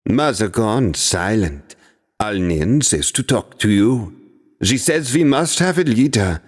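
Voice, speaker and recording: A man's voice: lowish voice, animated, slow, husky, long reverb tail, pitched above the performer's own voice, exaggerated voice. A man voicing a blunt insect-headed demon soldier with a German accent, speaking in clipped, broken phrases. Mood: probing.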